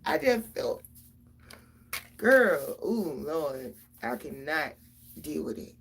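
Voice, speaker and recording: A woman's voice: sits low, big pitch swings, takes it slowly, a little hiss or hum. A middle-aged mother, venting casually and profanely straight to her viewers about her kids.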